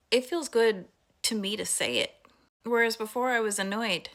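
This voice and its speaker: A woman's voice: mid-range voice, gravelly, sharp tone. A young adult woman talking through a heartfelt personal monologue, chatty and full of fillers. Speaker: vlogger.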